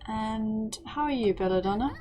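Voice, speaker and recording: A woman's voice: fairly high pitch, moderate pace, music in the background, poor audio. A woman, chatting casually to her game characters as she plays. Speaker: let's play host. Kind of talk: casual gameplay commentary.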